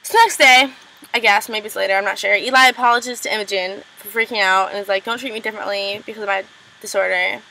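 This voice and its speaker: Chatty bright-voiced young woman. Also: mid-range voice, steady tone, gravelly, slight background noise, poor audio. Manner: chatty, lots of "like" and "um", acts out lines in quick impressions. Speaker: recap vlogger. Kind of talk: casual episode recap.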